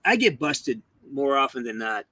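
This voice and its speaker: A man's voice: mid-range voice, normal speed, dry recording. A middle-aged man hosting a casual interview, telling stories with a distinctive voice and acting out what people said. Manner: animated storyteller, acts out voices. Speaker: show host.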